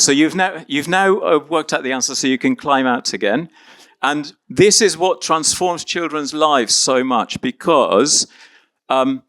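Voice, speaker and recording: A man's voice: mid-range voice, a bit bright, no room sound. A man from Argentina leading an interactive teaching workshop, upbeat and encouraging as he coaxes volunteers along.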